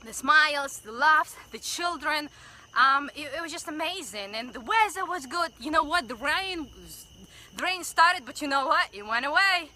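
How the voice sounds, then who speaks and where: Bright, excited livestream woman. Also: high voice, normal speed, low-quality recording. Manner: excited, gushing, greets viewers by name. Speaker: community livestream host. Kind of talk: Facebook Live chat and prayer. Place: outdoors by a building, livestreaming. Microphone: phone livestream.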